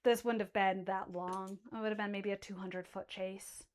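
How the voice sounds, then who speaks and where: A woman's voice: medium pitch, steady tone, normal speed. A woman narrating as game master in casual, loose chat, swearing freely and correcting herself mid-sentence.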